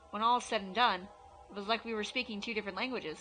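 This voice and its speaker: A woman narrating a horror visual novel aloud in an expressive, steady reading style. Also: mid-range voice, fast talker, faint music behind, rough recording.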